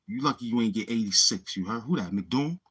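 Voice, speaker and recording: Boastful husky New York man. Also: fairly low pitch, expressive, brisk, a bit bright. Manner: boastful, taunting street slang. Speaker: livestream host. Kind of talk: live-stream trash talk.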